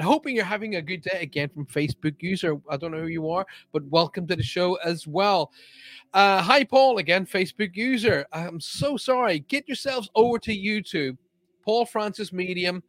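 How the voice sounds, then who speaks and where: A man's voice: high-pitched, a bit bright, dry recording. A man hosting a live chat show as a psychic medium, chatty and upbeat, greeting viewers by name as he talks. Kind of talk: casual live-stream chat.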